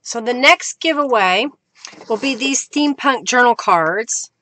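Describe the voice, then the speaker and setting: A woman's voice: a little high, lively intonation, unhurried, sharp tone, slight background noise. A woman hosting a live crafting stream, chatting casually as she works and greets viewers. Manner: chatty, reads out viewer comments with bursts of cheer. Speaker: crafting livestream host.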